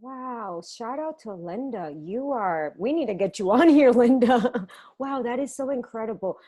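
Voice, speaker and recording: A woman's voice: a little high, expressive, unhurried, dark tone. A woman hosting an interview podcast, enthusiastic and effusive, often laughing. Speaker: podcast host. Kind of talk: conversational interview.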